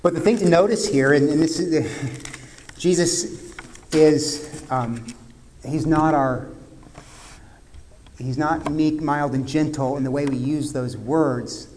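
A man preaching a sermon, talking conversationally, retelling scenes vividly and dropping suddenly quiet at times. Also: on the high side, slow pace, long pauses, a little hiss or hum. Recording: long hall reverb.

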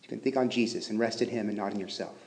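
A man preaching a sermon as pastor, talking conversationally and swinging between emphatic stresses and hushed, quiet phrases. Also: fairly low pitch, fast talker. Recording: echoey hall with long reverb.

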